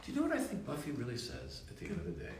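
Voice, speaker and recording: A middle-aged man chatting reflectively on a livestream, letting his thoughts trail off softly. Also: medium pitch, huge pitch swings, rapid-fire, gravelly. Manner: reflective, drifts softer at the ends of thoughts. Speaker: actor signing autographs on a livestream. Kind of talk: casual chat. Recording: roomy, distant livestream sound with faint noise.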